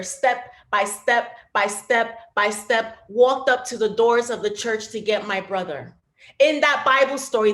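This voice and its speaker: A woman reading her own poetry aloud over a video call, with a measured, rhythmic delivery that drops to a hush. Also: fairly high pitch. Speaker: poet. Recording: roomy echo.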